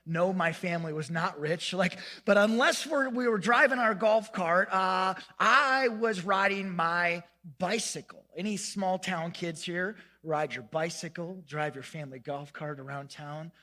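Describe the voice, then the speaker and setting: Male pastor, lively self-mocking storyteller, high bright voice, church sermon. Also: measured pace, few pauses, in a large hall. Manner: animated, self-mocking storyteller acting out quotes. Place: church sanctuary.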